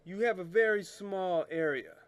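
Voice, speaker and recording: A man's voice: high-pitched, expressive, moderate pace. A man hosting a photo retouching show, explaining scanner settings in a chatty, rambling way that corrects itself as he works at his computer. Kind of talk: casual screen-share tutorial.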